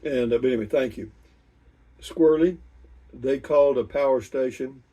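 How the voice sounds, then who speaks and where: An older man, reading out viewer comments and chatting about them in an unhurried, rambling way with many restarts. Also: mid-range voice, dark tone, distant mic. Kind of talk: casual chat.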